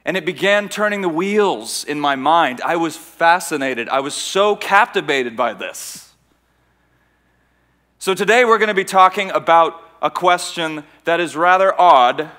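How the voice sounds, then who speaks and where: A man raised in Austria giving a conference talk to a live audience, telling a story in an earnest, measured way with dramatic pauses. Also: fairly high pitch, animated, sharp tone. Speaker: conference speaker. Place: large church hall.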